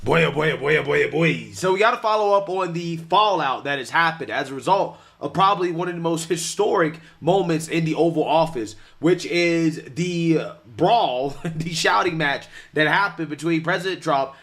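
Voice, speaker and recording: A man's voice: fairly high pitch, moderate pace, creaky, few pauses, fairly bright tone. A man giving casual political commentary, often laughing lightly and asking "right?" as he goes. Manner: chuckles through his points, tags lines with "right?".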